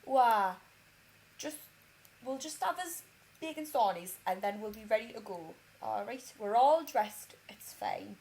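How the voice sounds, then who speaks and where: Woman doing her calm easygoing boyfriend. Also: a little high, a little slow, slight background noise, rough recording. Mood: soothing. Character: calm laid-back young man soothing everyone.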